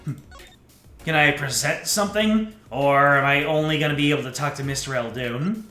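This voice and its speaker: A man's voice: a little high, normal speed, pushed and bright, roomy sound, soft background music. A man streaming a game, reading its lines aloud with playful jokes. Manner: playful, joking. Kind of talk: let's play commentary, reading dialogue aloud.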